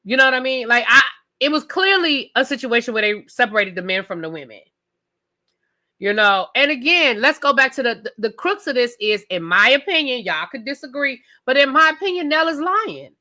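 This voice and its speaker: A woman hosting a live TV review show, talking loudly and emphatically straight to her viewers in a casual rant. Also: high voice, big pitch swings, fairly quick. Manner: loud, emphatic, talks straight to the audience.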